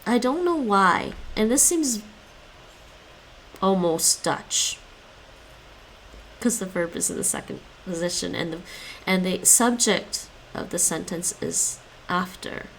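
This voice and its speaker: Slow, gravelly-voiced woman streamer. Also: lowish voice, animated, a bit bright, slight background noise, rough recording. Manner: thinks aloud, self-correcting, explaining grammar. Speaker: live streamer studying languages. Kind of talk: casual live-stream language study.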